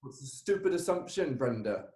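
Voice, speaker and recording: A woman's voice: rumbling low, sing-song, moderate pace, dark tone. A woman playing a flustered, prickly festival announcer in a live improv comedy. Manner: confused and prickly. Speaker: improv performer. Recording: echoey room over a video call.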